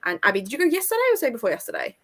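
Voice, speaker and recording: Co-host, young woman, casual and excitable, laughs and swears a lot. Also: a little high, racing. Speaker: podcast co-host. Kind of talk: casual chat.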